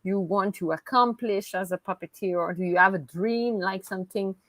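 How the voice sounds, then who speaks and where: A woman's voice: medium pitch, moderate pace, a bit bright, a little hiss or hum. A woman hosting a podcast interview, asking questions in an encouraging way with brief interjections. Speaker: podcast host.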